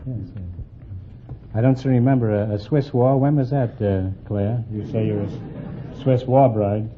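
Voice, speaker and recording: A man hosts a quiz show in teasing, wisecracking banter, firing off quick puns. The recording is a muffled 1950s broadcast buried under heavy hiss. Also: medium pitch, steady tone. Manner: teasing, quick punning asides.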